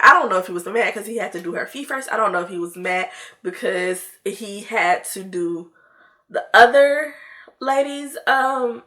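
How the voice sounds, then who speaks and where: Bright, chatty woman telling a story. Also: medium pitch. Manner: chatty, laughing asides, addresses viewers. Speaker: storytime vlogger. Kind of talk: casual storytime chat.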